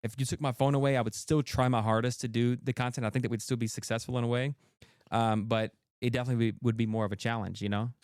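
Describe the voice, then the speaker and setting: Fast-talking man, earnest creator. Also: mid-range voice, fairly even intonation, a little mellow, smooth, no room sound, studio quality. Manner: quick, earnest, full of restarts. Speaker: content creator guest. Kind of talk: casual interview chat.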